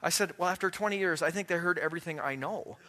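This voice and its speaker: A man's voice: a little high, fast talker, sharp tone. A man giving a sermon as a guest pastor in a church, conversational and joking, then emphatic.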